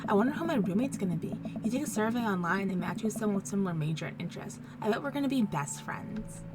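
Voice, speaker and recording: A woman reading the lines of an excited, chatty teenage daughter about to leave for college. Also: mid-range voice, very noisy, lightly acted. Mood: eager. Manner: eager, chatty, quick enthusiasm.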